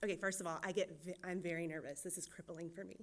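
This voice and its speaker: A young church children's director from Georgia, USA, nervously shares her personal testimony, speaking quickly and laughing a lot. Her voice is lowish and steady, with a fairly bright tone.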